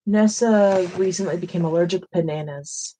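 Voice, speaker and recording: A woman's voice: fairly low pitch, moderate pace, mellow. A woman co-hosting a live stream in casual chat, reading viewer comments aloud and giving short replies.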